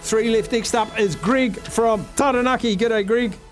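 Brief: New male radio host, high voice, bubbly and quick with the racing form, faint music under him. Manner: excitable, upbeat, rattles off racing form. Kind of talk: phone-in radio chat.

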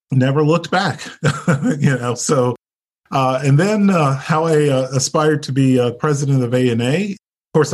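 Guy guest, husky voice, lots of ums and chuckles, mid pitch. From North Carolina. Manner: chatty, many fillers, laughs often. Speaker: interview guest, nurse leader. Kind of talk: casual interview.

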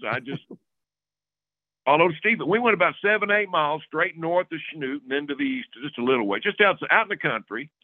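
A man with a fairly high voice tells a long story as a podcast guest, swinging his pitch up and down as he acts out what other people said. The sound is thin and phone-like, with no room around it. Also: no echo. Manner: lively storyteller, acting out other people's lines. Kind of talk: casual storytelling. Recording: tinny phone-like dry recording.

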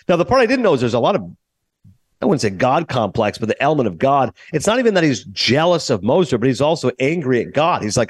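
A man's voice: medium pitch, fast talker, no echo. A man hosting a podcast, chatting casually about a movie and acting out characters' lines. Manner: animated, acts out characters' lines. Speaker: podcast host. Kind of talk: casual movie review chat.

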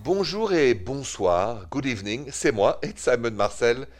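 A man from France with a French accent, hosting a call-in love and relationships radio show, unhurried and mixing in French greetings. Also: mid-range voice, expressive. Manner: warm-toned, unhurried, mixes French greetings into English. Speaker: radio advice show host.

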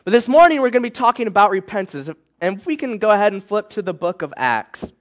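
A tired young man preaching to a youth group, telling a personal story with animated swings between loud and hushed. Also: sits high, fast talker.

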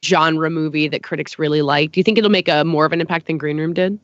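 Fast-talking woman podcast host. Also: deep voice, steady tone, dry recording. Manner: quick, prompting questions to co-hosts. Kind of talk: casual podcast chat. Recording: dry, dull lo-fi audio.

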